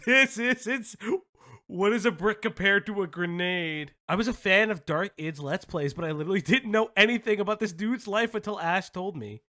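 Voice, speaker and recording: A man hosting a casual commentary stream, excitable and loud, often shouting, laughing and swearing. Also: high-pitched, brisk, few pauses.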